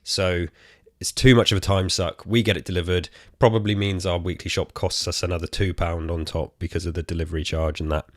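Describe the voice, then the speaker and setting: A British man in his thirties hosting a casual solo gaming podcast from a quiet room at home, rambling and slightly out of breath. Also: sits low, fairly even intonation, a little fast, hardly any pauses, dry recording, studio quality. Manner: rambling, chatty, self-correcting asides. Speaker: podcast host.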